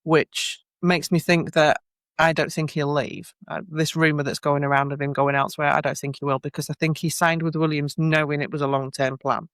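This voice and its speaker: A chatty man hosting a podcast, thinking out loud and circling back on his words. His voice sits a little high and sounds smooth and clean. It is recorded close and dry, with no room sound. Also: flat delivery, brisk, dry recording. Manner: chatty, musing aloud, hesitant restarts. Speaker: podcast host. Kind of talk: casual podcast chat.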